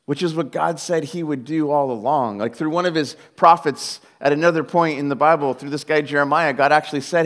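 A man preaching a sermon in a conversational, animated way, mixing jokes with storytelling. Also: on the high side, brisk, few pauses. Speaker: pastor.

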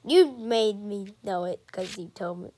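A woman's voice: medium pitch, measured pace, mellow. A woman giving playful, casual commentary on her game stream and chatting to her viewers. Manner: playful, keeps addressing viewers as guys. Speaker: gaming streamer.

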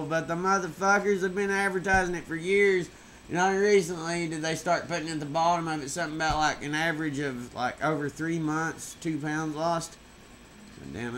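A tired, burnt-out man rambling and swearing in a late-night vlog on a webcam mic, drifting from loud outbursts to mumbles. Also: fairly high pitch, a little hiss or hum. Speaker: vlogger.

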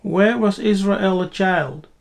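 Slow, emphatic woman teaching scripture. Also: medium pitch, vocal fry. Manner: rhetorical questions answered herself, emphatic repetition. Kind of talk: spiritual teaching lecture.

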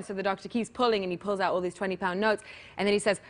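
A woman's voice: medium pitch, steady tone, racing. A woman in her thirties, a guest on a late-night talk show, telling a story with lots of giggles.

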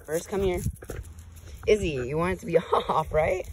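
Lady vlogger, low voice that swings up and down a lot, coaxing her dogs. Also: animated, moderate pace, darkish tone, low-quality recording. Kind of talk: casual vlog chat. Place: at home, then outdoors walking dogs.

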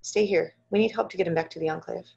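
A woman reading the lines of a calm, distracted young male sorcerer who speaks in short, measured questions. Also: fairly low pitch, gravelly, breathy edge, muffled recording. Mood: terse.

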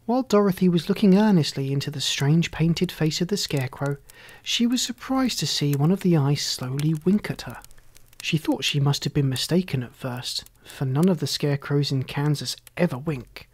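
Calm, measured storybook narrator. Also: mid-range voice, breathy edge.

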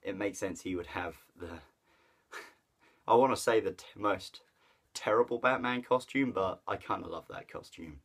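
A man's voice: deep voice, measured pace, a bit bright, husky. A man giving a casual, rambling film review full of fillers and restarts. He is enthusiastic and chuckles at the jokes he retells. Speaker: movie reviewer.

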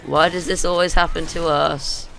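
A man narrating a let's play, excitable and panicky, with self-mocking jokes, on a desk condenser mic at home. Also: on the high side, normal speed, vocal fry, slight background noise. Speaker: gaming video host.

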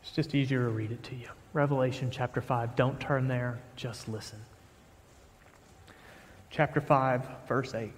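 A man's voice: mid-range voice, fairly even intonation, normal speed, slight background noise. Preaching man in a reverberant sanctuary. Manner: reads scripture aloud with rising force, then speaks plainly to the congregation. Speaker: pastor. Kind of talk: sermon. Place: church sanctuary.

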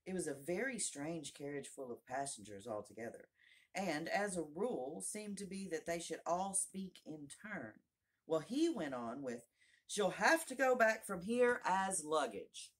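Woman narrator, storybook reading, expressive, low-pitched, husky, lively intonation. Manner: expressive, voices each character. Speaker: narrator, audiobook reader. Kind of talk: storybook read-aloud.

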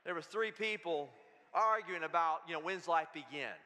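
A man preaching to his congregation with a high, bright voice. He jokes and leads call-and-response lines with animated energy. The sound carries a long reverb from a church hall. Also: moderate pace, a little hiss or hum. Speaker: pastor. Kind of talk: sermon. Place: church sanctuary.

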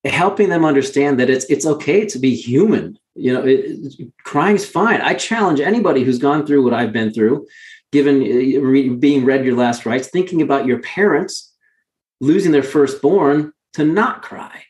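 A man's voice: medium pitch, moderate pace, a little mellow, reverberant. A male guest telling candid stories in an earnest, emphatic way, often restarting his words. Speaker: guest, mountain guide. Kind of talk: candid conversational storytelling.

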